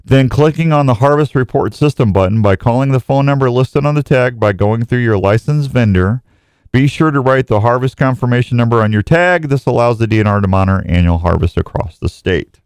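A man hosting an outdoors show in casual live chat, talking in a folksy, excitable, rambling way. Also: medium pitch, a little fast, smooth, no echo.

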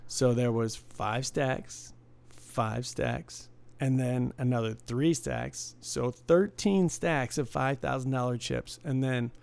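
A man's voice: mid-range voice, slow pace, gravelly, hardly any pauses, a little mellow. A man co-hosting a podcast, telling rambling stories in casual chat, with many restarts. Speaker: podcast co-host.

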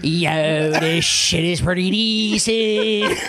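Brief: a man doing a rowdy Delco dirtbag, Philly accent, slow gravelly drawl. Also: high voice, heavy background noise. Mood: boastful. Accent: Philadelphia Delco, put on.

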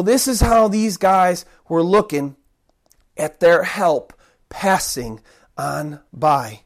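A preacher giving a sermon, talking conversationally and acting out loud, desperate cries for help. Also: medium pitch. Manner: dramatic, acts out the cries of those he preaches about; conversational, rambling restarts.

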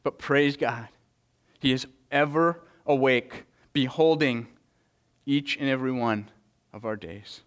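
A man preaching a sermon in an earnest way, often repeating words as he goes and reading scripture with dramatic swings of pitch and loudness. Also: takes it slowly. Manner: earnest preaching with frequent word repetitions. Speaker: pastor.

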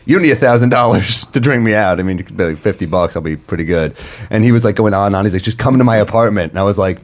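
A man's voice: low voice, racing. A man co-hosting a podcast, telling a comedy story and acting out the people in it. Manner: animated, acts out voices in stories. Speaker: comedian co-host. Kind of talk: casual storytelling.

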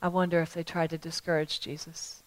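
A woman preacher delivering a sermon to a congregation, emphatic and repetitive, swinging from loud appeals to hushed words. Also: low voice, little pitch movement, brisk, rough recording. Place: church service.

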